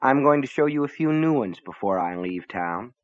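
A man voicing a sinister, smooth-talking male shopkeeper in low, comfortable tones. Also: lively intonation, normal speed, no room sound, highs cut off, natural voice. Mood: menacing.

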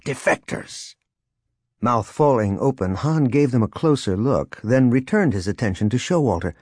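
A man narrating an audiobook in an expressive reading voice. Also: mid-range voice, moderate pace, dry recording, studio quality.

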